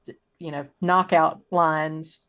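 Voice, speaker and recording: Woman player, low-ish voice, slow and halting, unsure in-character delivery. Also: steady tone, a bit bright. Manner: hesitant, halting, many ums. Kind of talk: in-character roleplay in a horror game.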